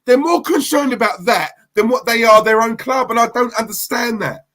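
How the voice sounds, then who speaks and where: A man's voice: extremely high pitch, moderate pace, fairly bright tone. A man ranting to camera as a football fan vlogger, heated and emphatic, repeating himself for effect.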